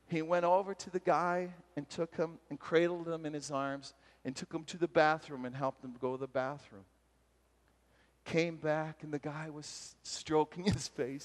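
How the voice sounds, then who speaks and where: A man giving a retreat sermon, telling a story and acting out its voices with lively energy. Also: on the high side, moderate pace. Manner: animated, acts out voices in stories. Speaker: retreat speaker. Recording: long hall reverb.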